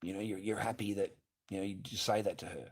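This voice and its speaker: Ranting, profane man, low voice. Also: fairly even intonation, fast, slightly rough. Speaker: livestreamer. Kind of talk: ranting livestream monologue. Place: garage.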